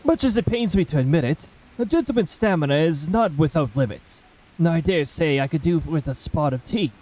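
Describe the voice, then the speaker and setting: A man voicing a vain, theatrical gentleman adventurer, reading game dialogue in a put-on posh, grandiose manner. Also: a little high, animated, normal speed, poor audio. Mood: weary grandeur. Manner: grandiose, self-admiring, put-on posh accent.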